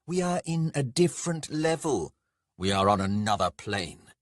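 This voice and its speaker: A man voicing gruff, impatient male dwarf lords for an audiobook, loud, swearing and scornful. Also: mid-range voice, big pitch swings, moderate pace, no echo, studio quality, voice pushed up, natural voice. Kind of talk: audiobook character voice.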